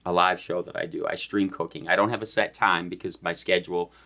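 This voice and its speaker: A man's voice: sits low, level tone, brisk, vocal fry, pushed and bright. A man from Boston, a chef, answering interview questions in an easygoing way with short, agreeable replies. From Boston, USA. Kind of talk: casual interview chat.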